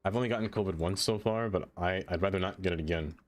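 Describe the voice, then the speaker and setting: A man streaming a game, chatting casually, talking to what he builds and answering chat, quick to exclaim in dismay when things go wrong. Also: low voice. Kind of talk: casual live-stream chatter while playing.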